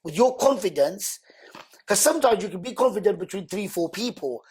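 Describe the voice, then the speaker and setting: A man, a podcast guest telling personal stories in an animated way and acting out what other people said. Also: high voice, fairly quick, breathy edge. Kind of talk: emotional storytelling in conversation.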